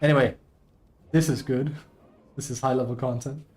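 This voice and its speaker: A man streaming live, chatting casually and reading posts aloud, excitable, laughing often and swearing casually. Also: mid-range voice, moderate pace.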